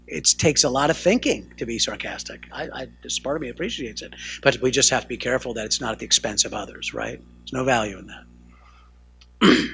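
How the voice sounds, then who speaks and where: With slight background noise, an American man who works as a counselor lectures a live audience during a family training session, keeping it conversational. He speaks briskly in a medium-pitched, creaky voice that is bright and forceful, frequently saying "right?" and correcting himself as he goes.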